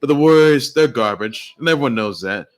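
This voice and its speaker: A man's voice: medium pitch, animated, fairly quick. A man doing a casual sports vlog, trash-talking and repeating himself with lots of filler words. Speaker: sports vlogger.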